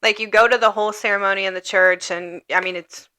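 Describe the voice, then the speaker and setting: Bright-voiced young woman chatting. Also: mid-range voice, fast talker. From Croatian and Italian family. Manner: chatty, lots of "like", animated retelling. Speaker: podcast co-host. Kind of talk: casual chat.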